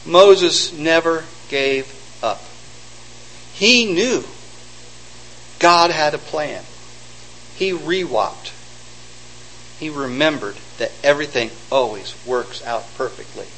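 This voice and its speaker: A man with a high, lively voice preaches a sermon, retelling old stories and slipping into the voices of the people in them. His pitch jumps around a lot as he drives each point home. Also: slow, pauses often, a little hiss or hum, low-quality recording. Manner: animated storytelling, acting out quotes.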